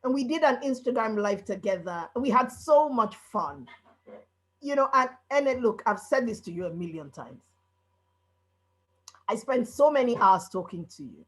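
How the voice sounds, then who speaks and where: A woman's voice: a little high, animated, slightly rough, low-quality recording. Emotional woman giving a tribute. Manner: emotional, repeating herself, quick bursts. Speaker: friend of the author. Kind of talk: heartfelt tribute on a video call.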